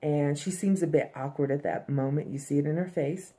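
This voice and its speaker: Low, mellow-voiced woman recapping casually. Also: a little fast. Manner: chatty, frequent "um", addresses viewers as fam and y'all. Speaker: TV episode recapper.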